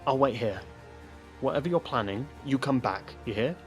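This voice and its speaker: A man's voice: mid-range voice, expressive, moderate pace, soft background music, pitched above the performer's own voice, close to an everyday voice. A man voicing a loyal young man who speaks earnestly in an audiobook reading.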